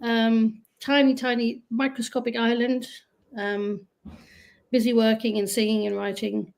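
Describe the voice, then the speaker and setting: A woman's voice: fairly high pitch, level tone, a little slow, vocal fry. A woman from the United Kingdom, a singer and guest on an interview show, chatting in a rambling, friendly way. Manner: chatty, rambling, warm asides. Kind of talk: casual interview chat.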